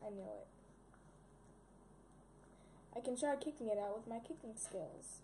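High-voiced, excitable young woman gamer. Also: measured pace, a little hiss or hum. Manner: excitable, yelps and repeats words in panic. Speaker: gaming video creator. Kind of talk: casual game commentary.

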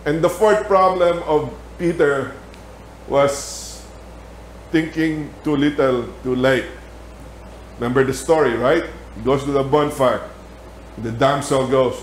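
A man with a Filipino accent teaching a Bible lesson in a church, telling stories in an animated way with laughter. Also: mid-range voice, a little slow, echoey room, slight background noise. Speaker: Sabbath school teacher. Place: church hall.

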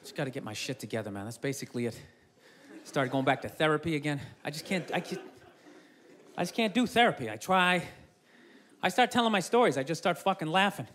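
A man doing stand-up comedy, loud and profane, ranting and mocking people in put-on voices. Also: on the high side, expressive, fairly quick, background noise. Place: comedy club stage. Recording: live club recording with crowd laughter. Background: audience laughing.

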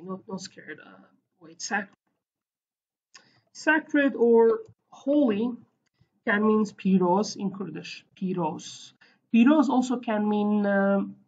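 A woman's voice: mid-range voice, husky, dull audio. A woman teaching a casual online language lesson, chatty and digressive, with many fillers and self-corrections.

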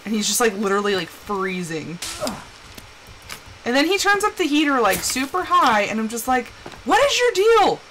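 A young woman chatting casually while playing a game on a live stream, telling animated stories and putting on quick quoted voices. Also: on the high side, a little hiss or hum, rough recording.

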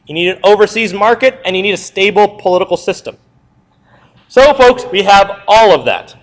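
A young man teaching in a classroom, his fairly high voice jumping up and down in pitch as he fires questions at the class. He reviews a history unit at a brisk, conversational clip, recorded from a little distance in the room. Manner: lively, asks the class questions and answers them himself.

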